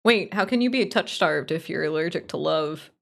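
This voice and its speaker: A woman's voice: low-pitched, lively intonation, moderate pace, gravelly, fairly bright tone. A woman streaming live, chatting casually in a blunt, opinionated, heavily profane way while answering her chat. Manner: playful, answering chat as she talks.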